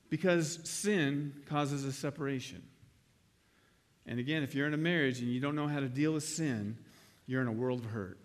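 A man's voice: medium pitch, moderate pace. A middle-aged man preaching a conversational sermon as pastor, acting out little scenes with humor. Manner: conversational, acts out quoted exchanges with humor.

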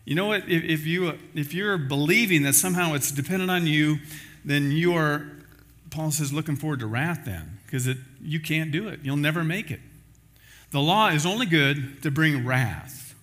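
A man's voice: a little high, normal speed, a bit bright. A man preaching a sermon as pastor, in a conversational style with everyday examples.

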